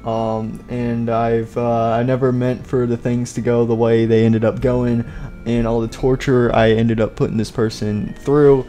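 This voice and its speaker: A man's voice: medium pitch, little pitch movement, measured pace, mellow, a little hiss or hum. A young man giving rambling, jokey gameplay commentary for his channel, with playful mock-mournful speeches and lots of filler. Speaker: gaming YouTuber.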